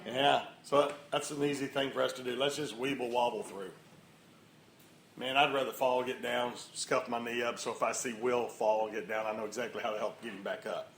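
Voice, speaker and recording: A man giving an energetic motivational sermon at a morning meeting, rallying the crowd with loud bursts. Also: mid-range voice, normal speed, a little hiss or hum. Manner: lively, rallying crowd, sudden loud outbursts. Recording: echoey room, faint ambience.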